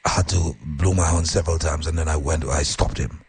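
A male radio host telling a story on air in an animated, earnest way and giving heartfelt, preacher-like advice to his listeners. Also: a bass voice, fairly quick, slight background noise.

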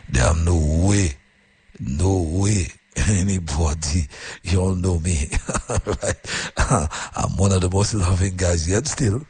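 Man, radio host, deep low voice, heavy rasp, earnest preacher-like advice. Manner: animated, earnest, preacher-like exhortation. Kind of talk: casual on-air storytelling and advice.

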